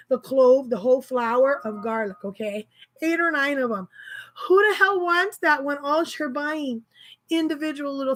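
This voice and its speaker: A woman with a high, bright voice tells a story in a casual vlog. Her delivery is animated and exasperated, and she often laughs as she goes. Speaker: grocery delivery shopper.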